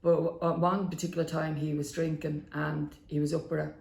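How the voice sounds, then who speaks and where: Gravelly middle-aged Dublin woman. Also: low-pitched, fairly quick. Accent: Dublin Irish. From inner city Dublin. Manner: lively storyteller, acts out quotes. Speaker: guest. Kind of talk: storytelling in a podcast interview. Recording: roomy room echo.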